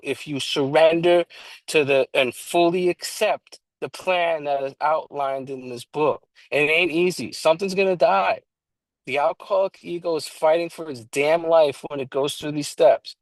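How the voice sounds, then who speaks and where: A man's voice: a little high, steady tone, moderate pace, dry recording, rough recording. A man co-hosting an online recovery book study, talking casually and emphatically, swearing now and then and restarting his sentences. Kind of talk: casual online meeting talk.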